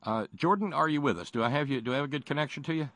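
A man's voice: fairly high pitch, very fast, fairly bright tone, no echo. A man hosting a radio talk show, speaking in a folksy, wry way with many fillers and restarts.

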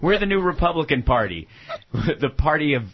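Male radio sidekick: dry sarcastic quips, husky voice, slightly muffled broadcast audio. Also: a little high, very animated, fairly quick. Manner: dry, sarcastic one-liners. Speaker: radio co-host. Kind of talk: joking talk radio banter.

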